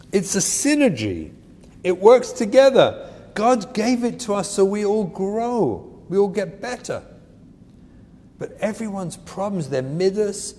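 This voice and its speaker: A man delivers an earnest, emphatic inspirational talk on parenting, mixing in Hebrew terms. His voice sits high and swings widely in pitch. The sound carries a long hall reverb with faint noise underneath. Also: darkish tone. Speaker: parenting speaker.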